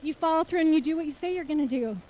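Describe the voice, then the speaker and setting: High-voiced woman giving a motivational keynote. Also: very fast, mellow, poor audio. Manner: earnest, rhetorical questions to the audience. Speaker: keynote speaker and nonprofit CEO. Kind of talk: motivational conference talk. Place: conference hall stage.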